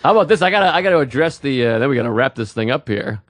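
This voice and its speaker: Quick lively new guy cracking puns on a podcast, dry close sound. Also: medium pitch, no room sound. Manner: quick jokey interjections and puns. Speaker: podcast co-host and comedian. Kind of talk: casual banter.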